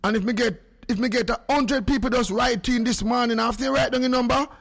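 Excitable high-voiced Jamaican man. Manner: excitable, rapid, calls hello over and over. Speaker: radio host on a live stream. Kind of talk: casual live-stream chat.

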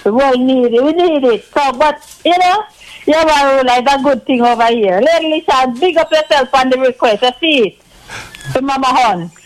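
Very high-voiced Jamaican man, effusive. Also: moderate pace, rough recording. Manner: effusive, full of shout-outs and praise. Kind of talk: casual on-air chat.

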